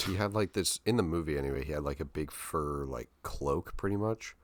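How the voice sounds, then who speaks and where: A man's voice: rumbling low, a little fast, no echo. A young man co-hosting a podcast, telling a story in a loose, rambling way full of fillers and slang. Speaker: podcast co-host. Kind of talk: casual podcast chat.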